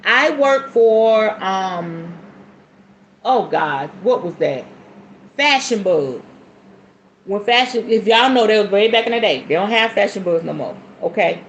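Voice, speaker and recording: A woman in her forties hosting a casual spiritual podcast, chatty and animated, calling listeners honey and y'all, with sudden whoops. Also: medium pitch, echoey room, dull audio, slight background noise. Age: 40s. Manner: sudden whoops and shifts between fast and slow. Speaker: podcast host.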